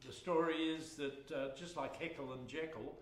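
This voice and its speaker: A man's voice: on the high side, normal speed, slight background noise. A man with an Australian accent telling rambling stories between folk songs and singing them at a live concert, with many ums and uhs. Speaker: folk singer and bandleader. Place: music hall. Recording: echoey hall with loud accordion music.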